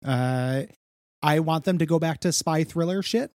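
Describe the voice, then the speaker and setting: A man's voice: a little high, unhurried, a little mellow, no room sound, studio quality. A man in his forties co-hosting a podcast in casual chat, joking, profane and self-deprecating. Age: 40s. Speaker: podcast co-host.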